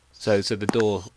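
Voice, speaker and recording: A man narrating as game master of a tabletop game over a stream, relaxed and joking, pausing often as he narrates. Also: medium pitch, a little hiss or hum.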